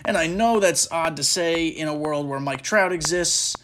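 A man's voice: fairly high pitch, moderate pace, a bit bright. A man hosting a podcast, chatting casually and rambling through speculation while he plays a baseball video game, often stopping mid-thought with fillers. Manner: rambling, self-interrupting, with frequent fillers. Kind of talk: casual gaming commentary and speculation.

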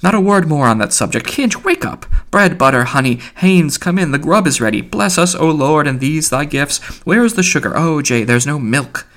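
A man reading an audiobook, voicing a loud, theatrical, mocking young man. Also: on the high side, expressive, moderate pace, few pauses, voice pushed up.

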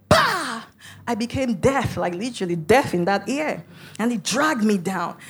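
A woman's voice: mid-range voice, a little mellow, slightly rough. A woman preacher telling her testimony in a sermon, dramatic and vivid, with sudden emphatic bursts. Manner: speaks in tongues.

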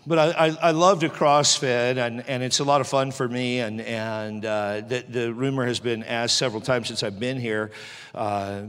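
A middle-aged man preaching a sermon as pastor, moving from joking chat to loud fervent preaching. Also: medium pitch, steady tone, moderate pace, clean tone, in a large hall.

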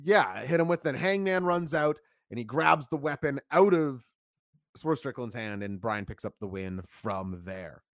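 A man co-hosting a casual wrestling review stream, talking in an animated, chatty way and reacting to viewer chat. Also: medium pitch, unhurried, no echo, clean studio sound.

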